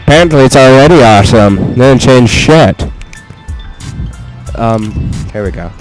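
A young man giving profane, excitable let's play commentary, talking to himself as he plays. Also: medium pitch, normal speed, soft background music. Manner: profane, excitable, talks to himself while playing.

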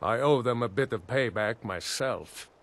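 A man's voice: medium pitch, measured pace, fairly bright tone. An actor playing a weary, reluctant ship captain in a video game, firm in his refusals.

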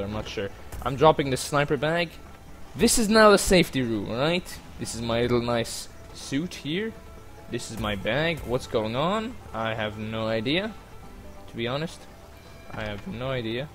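A man giving casual, rambling gameplay commentary, joking along and bursting into panicked yelling now and then. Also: medium pitch.

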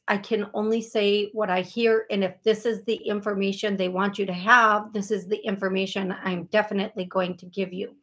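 American lady psychic on call-in radio, takes her time, mid pitch, jokes at herself. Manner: unhurried, self-deprecating, laughs easily. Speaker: psychic medium radio host.

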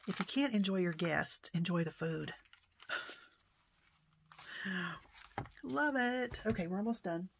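A woman chatting through an unboxing of her mail haul, softly spoken, often exclaiming in delight and sometimes slipping into a whisper. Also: lowish voice, slow, gravelly, long pauses, background noise. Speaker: vlogger showing a mail haul. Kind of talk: casual unboxing chat.

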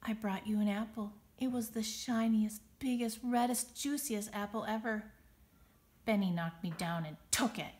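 A woman voicing an excitable young boy bug in a storybook read-aloud, bouncy and exclaiming. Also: mid-range voice, moderate pace, natural voice. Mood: hesitant.

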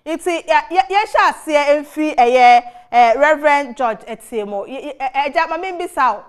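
This TV host is a Ghanaian woman whose high-pitched, expressive voice moves at a moderate pace. As she poses questions on her talk show, she blends Twi with English and hesitates often with fillers.

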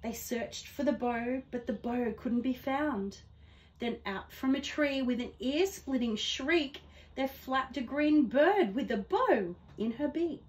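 Teacher lady reading a storybook to kids, high voice, nice and slow, really expressive. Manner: gentle, expressive, rhyming storytelling. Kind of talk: read-aloud storytelling for children.

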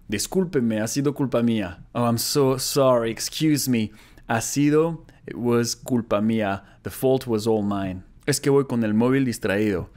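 A man's voice: medium pitch, a little mellow. Chatty man reviewing a language app. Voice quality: chatty, amused, repeats phrases to study them. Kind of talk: casual explanatory review.

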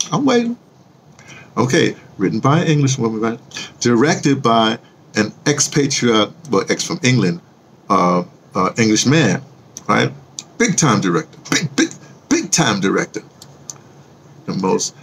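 A man's voice: on the low side, expressive, moderate pace, vocal fry, a bit bright, a little hiss or hum. A man talking casually to viewers in a rambling monologue, restarting sentences often and teasing them with questions. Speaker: vlogger and audio drama producer.

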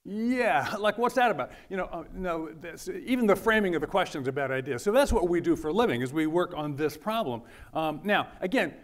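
A middle-aged man with a high voice gives a talk to an audience, loose and joking. He keeps quizzing the room as he goes. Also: animated, a little fast. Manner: conversational, jokey, quizzing the audience. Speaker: university lecturer. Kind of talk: lecture to an audience.

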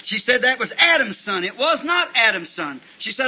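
A man preaching a sermon, telling folksy stories and breaking into shouts of praise. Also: high voice, a little fast, hardly any pauses, a little hiss or hum, rough recording. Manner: folksy, animated, bursts into shouting. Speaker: pastor. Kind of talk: sermon with storytelling.

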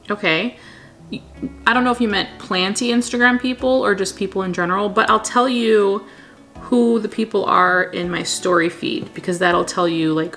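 A woman's voice: on the low side, vocal fry, a bit bright. A woman chatting candidly in a casual question-and-answer vlog, laughing often. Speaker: plant vlogger and wedding photographer.

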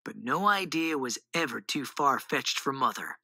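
Low, animated woman reading a storybook. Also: measured pace, no room sound, low-quality recording. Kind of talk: storybook read-aloud.

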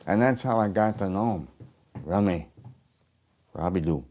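With a low, darkish voice and an unhurried, measured pace, a man performs a one-man stage monologue. He plays an old working-class war veteran, bitter and haunted, talking in a coarse, profane, ungrammatical way.

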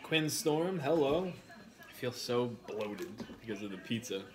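A man's voice: mid-range voice, expressive, a little slow, music in the background. A young man hosting a casual live stream, eating while he reads out viewer comments and answers them in a chatty, blunt way. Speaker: livestream host.

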